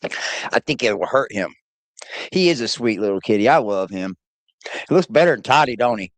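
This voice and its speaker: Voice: mid-range voice, animated, normal speed, no echo. Mocking, swearing reaction-stream host. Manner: mocking, profane, talks back at the clip. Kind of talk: casual live reaction commentary.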